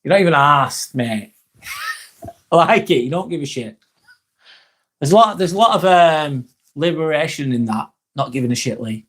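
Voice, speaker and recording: Brief: male live-streamer, casual and sweary, reads chat aloud, slightly higher voice. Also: animated, normal speed, long pauses, a bit bright. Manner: chatty, swears casually, laughs at comments. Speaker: live vlog host reading chat.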